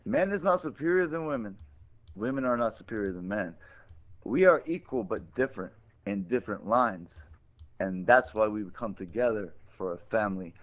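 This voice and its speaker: A man's voice: on the low side, animated, moderate pace, close to an everyday voice. A man putting on an exaggerated cartoon-style Indian accent to play an old bearded Hindu sage lecturing about men and women. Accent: put-on Indian accent, cartoon-style. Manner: preachy, sing-song and emphatic. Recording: dull lo-fi recording.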